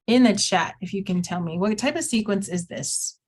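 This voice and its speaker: A woman's voice: mid-range voice, moderate pace, darkish tone, breathy edge. A woman teaching an online math class, chatty, often acting out her students' questions in a livelier voice.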